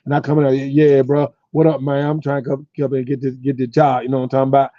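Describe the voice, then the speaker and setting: A man's voice: mid-range voice, flat delivery, fast, mellow, no room sound, lo-fi sound, lightly acted. A man putting on a swaggering slangy job applicant. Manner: swaggering street talk. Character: brash young male job applicant talking slang.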